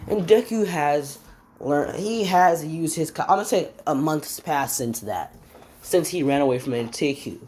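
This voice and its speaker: A woman improvising a fan story out loud, rambling, stopping on fillers and forgetting names as she goes. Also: deep voice, expressive, measured pace, slight background noise.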